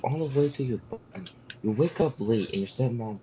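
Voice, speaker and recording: A man's voice: mid-range voice, expressive, fairly quick, mellow, highs cut off, slight background noise. A man in casual game voice chat, teasing and cutting in to take over the story. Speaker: gamer in voice chat.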